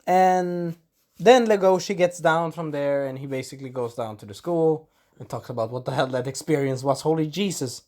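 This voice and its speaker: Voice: mid-range voice, normal speed, darkish tone. Rambling anime reviewer. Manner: rambling, swears, acts out quotes. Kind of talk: casual spoken review.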